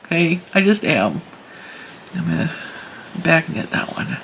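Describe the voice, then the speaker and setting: A woman with a low, sing-song voice that's a bit slow, creaky, and slightly bright runs her own knitting channel from home. She chats casually and with emphasis as she demonstrates stitches, talking through what her hands are doing. There's a little background noise.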